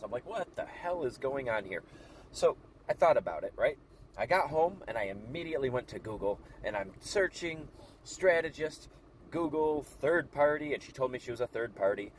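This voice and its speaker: A man recounting a story to his viewers in a loose, rambling way, often acting out both sides of a conversation. He speaks at an ordinary, middle pitch. Faint street noise sits behind him. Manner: rambling, restarts and quoted dialogue. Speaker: vlogger. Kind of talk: casual storytelling to camera.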